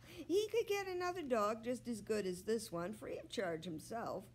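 A librarian woman reading a children's book aloud with slow, expressive storytelling. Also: fairly high pitch.

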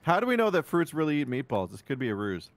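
A man's voice: mid-range voice, sing-song, very fast, crowd noise. A young man in a casual gaming voice chat, teasing his friends with playful questions. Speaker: streamer playing with friends.

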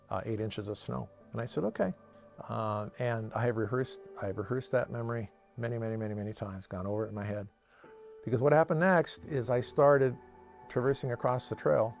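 A middle-aged man with a low, gravelly voice tells his own story from memory. He speaks earnestly and reflectively, often pausing to restart a thought, with soft music playing quietly underneath. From Washington State, USA. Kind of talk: personal testimony told from memory. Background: soft cinematic music.

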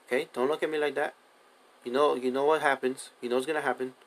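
A man's voice: mid-range voice, fairly even intonation, fast talker. A young man casually commenting on his own survival game as he plays, chatting and coaxing the animals with repeated commands. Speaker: gaming video host.

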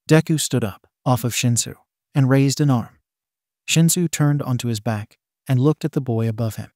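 A man narrating a fan fiction story in a flat, even reading style that reads symbols out literally. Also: mid-range voice, moderate pace, dry recording, clean studio sound.

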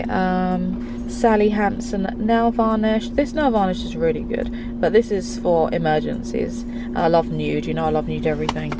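A woman's voice: medium pitch, very noisy. A woman vlogging from inside her car, chatting and gushing with lots of ums. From England. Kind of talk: casual car tour vlog.

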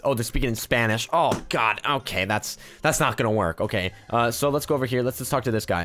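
A young man giving excited gameplay commentary, hyped and laughing, calling out to "bro" and "guys", with faint music behind. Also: medium pitch, quick pace, few pauses. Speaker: gaming YouTuber.

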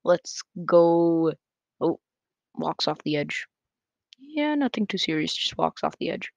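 A gaming YouTuber giving casual, excitable play-by-play commentary on a close mic that picks up breathing, with quick self-corrections. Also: mid-range voice, creaky, no room sound. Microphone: close desk mic picking up breath. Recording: dull lo-fi dry sound.

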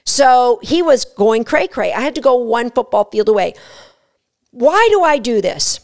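A woman explaining dog training step by step in an energetic, instructive way. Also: a little high, measured pace. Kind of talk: instructional talk.

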